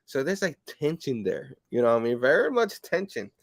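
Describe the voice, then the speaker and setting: A man hosting a casual comic review show, rambling with lots of fillers and breaking into animated quoted bits. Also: mid-range voice, fairly quick, no room sound. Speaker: comic book show host.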